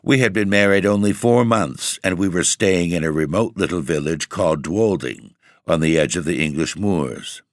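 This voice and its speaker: Brief: male audiobook narrator, very low voice, dry close sound, measured delivery. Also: no echo. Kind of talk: first-person story narration.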